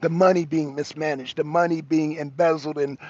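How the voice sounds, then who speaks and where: Male co-host, raspy and pitched high, casual street-smart storyteller, phoning in while walking outside, muffled lo-fi sound. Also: normal speed, dry recording. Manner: animated street-wise storytelling. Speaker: show co-host. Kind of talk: casual live-show chat. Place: walking outdoors, arriving somewhere. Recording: dull lo-fi audio.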